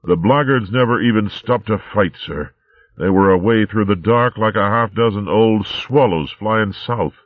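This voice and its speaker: A man's voice: on the low side, unhurried, no room sound, voice pushed up, lightly acted. A man doing a formal, proper bird warrior. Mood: scornful. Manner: formal, respectful, old-fashioned. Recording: tinny narrow-band recording.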